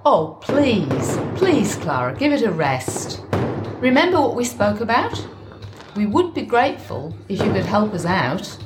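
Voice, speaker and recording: A woman's voice: mid-range voice, sing-song, a little slow, background noise. A woman playing a polite, apologetic mother on stage. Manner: polite and pleading. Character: polite middle-aged mother, weary and apologetic. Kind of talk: stage play acting. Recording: echoey stage with music.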